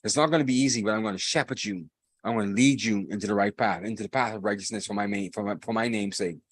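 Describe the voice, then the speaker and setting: A man voicing a gentle, fatherly divine voice that speaks in a soft, reassuring way. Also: lowish voice, fast, breathy edge, voice pushed down. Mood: tender.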